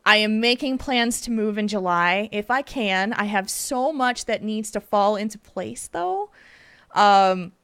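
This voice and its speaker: A woman hosting a podcast in casual, chatty talk, animated and rambling with fillers. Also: mid-range voice, a little slow, smooth, no room sound. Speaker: podcast host.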